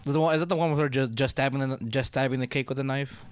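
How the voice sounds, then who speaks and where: A man's voice: mid-range voice, steady tone, quick pace. A man co-hosting a podcast in casual chat, laid-back and laughing, rambling with restarts. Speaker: podcast co-host.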